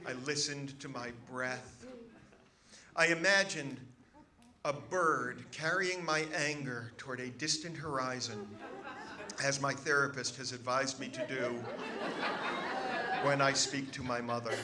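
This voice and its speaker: A man's voice: medium pitch, unhurried, pauses often, crowd noise. A man, a comedian, telling a funny story on stage with a dry, wry delivery. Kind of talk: stand-up storytelling. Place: stage with live audience. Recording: live show with audience laughter.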